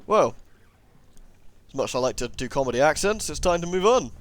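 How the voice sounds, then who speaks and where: A man's voice: fairly high pitch, sing-song, brisk. A young man giving casual, jokey commentary while playing a game, often muttering asides. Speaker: let's play gamer.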